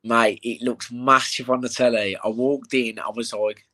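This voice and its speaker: A young man in a casual interview, telling animated stories with plenty of swearing and "mate.". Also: mid-range voice, normal speed. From England. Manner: animated storytelling, swears, says "mate" a lot. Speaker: bare-knuckle fighter, interview guest.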